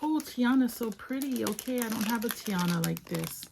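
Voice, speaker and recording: A woman chatting casually while unboxing toys, soft-spoken and gushing, often dropping to a whisper. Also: fairly high pitch, expressive, normal speed, creaky, background noise. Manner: gushing over each toy. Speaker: toy collector vlogger.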